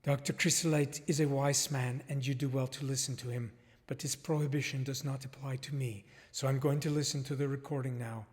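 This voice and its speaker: An actor playing a solemn, formal male documentary filmmaker questioning a guest in a deliberate manner, recorded with long reverb. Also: medium pitch, fairly even intonation, a little mellow, lightly acted. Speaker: interviewer.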